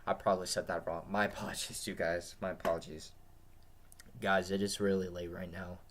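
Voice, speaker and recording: A man's voice: deep voice, little pitch movement, brisk. A tired man with a dry throat, talking to his viewers in an earnest, repetitive, rambling monologue. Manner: repetitive, earnest, restarts often. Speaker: vlogger.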